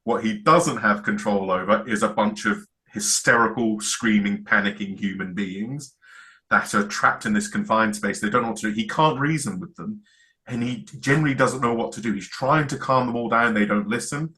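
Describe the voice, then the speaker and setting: Male co-host, bright tone, eager casual storyteller. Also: on the low side, moderate pace. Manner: enthusiastic, retells scenes acting out lines. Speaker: podcast co-host. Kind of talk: casual chat.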